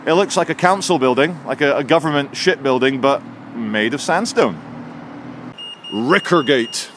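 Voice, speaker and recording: A man's voice: mid-range voice, lively intonation, normal speed. A man from England walking through a city with a handheld camera and chatting sardonically about the buildings. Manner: chatty, sardonic, mocking asides. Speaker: vlogger. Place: outdoors on city streets. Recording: outdoor street noise with traffic.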